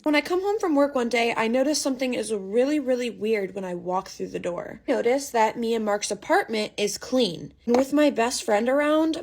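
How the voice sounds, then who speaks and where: A young adult woman telling a personal storytime in a dramatic, emphatic way. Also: a little high. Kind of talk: storytime narration.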